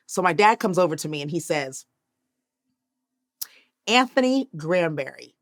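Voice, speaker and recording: A woman in her fifties, an actress, telling a story in an interview and acting out the voices of the people in it, moving between hushed and loud moments. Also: on the low side, expressive, normal speed, long pauses, no room sound, clean studio sound. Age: 50s.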